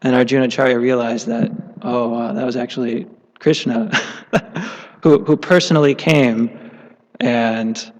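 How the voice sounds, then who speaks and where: Male class speaker, casual halting storyteller, temple hall with long reverb. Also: mid-range voice, fairly even intonation, a little mellow, dull audio. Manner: casual, halting with many fillers.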